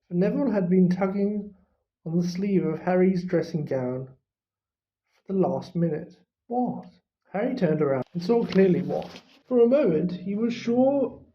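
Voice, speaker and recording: A reader narrating a storybook in an unhurried, expressive way. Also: medium pitch. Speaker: audiobook reader. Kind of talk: storybook reading. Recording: dull lo-fi recording.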